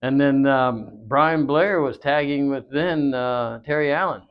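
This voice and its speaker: A man's voice: medium pitch, unhurried, clean tone. A man guest telling long wrestling-career stories in an interview, rambling with many fillers and acted-out dialogue. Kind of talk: storytelling interview. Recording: dull lo-fi audio.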